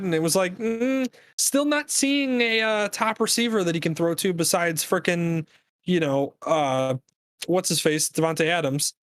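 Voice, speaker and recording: A man co-hosting a podcast, talking sports in a casual, animated, rambling rant full of fillers. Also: high voice, measured pace, no room sound. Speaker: podcast co-host.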